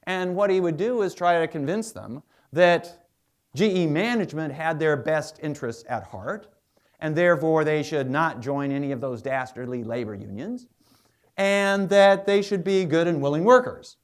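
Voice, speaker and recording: A man's voice: on the high side, animated, moderate pace. A man who is a historian and biographer, giving a public lecture as a chatty storyteller with plenty of asides.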